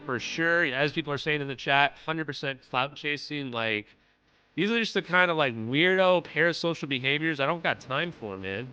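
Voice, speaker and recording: Bright-voiced man ranting at chat. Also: on the high side. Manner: profane, dismissive, talks straight to chat. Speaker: livestream host. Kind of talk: casual livestream rant. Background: synthwave music.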